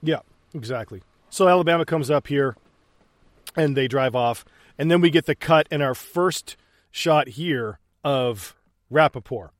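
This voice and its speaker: A man's voice: mid-range voice, a little slow, no room sound. A man co-hosting a podcast, chatting casually about a movie, swearing freely and laughing often. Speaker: podcast co-host. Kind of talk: casual movie commentary chat.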